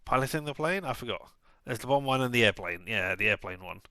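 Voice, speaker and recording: A man's voice: medium pitch, expressive, fast talker, pushed and bright, dry recording. A man casually commenting as he plays a point-and-click game, rambling with self-mocking asides. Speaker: streamer.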